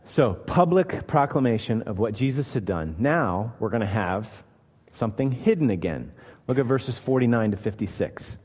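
A man's voice: fairly low pitch, lively intonation, moderate pace, darkish tone, slightly rough. A man preaching a sermon as pastor, emphatic and posing rhetorical questions to his listeners. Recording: long hall reverb.

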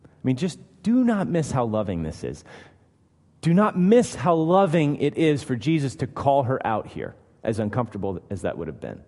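A man's voice: medium pitch, wildly swooping pitch, normal speed, dark tone. A man preaching a sermon as pastor, emphatic and posing rhetorical questions to his listeners. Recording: long hall reverb.

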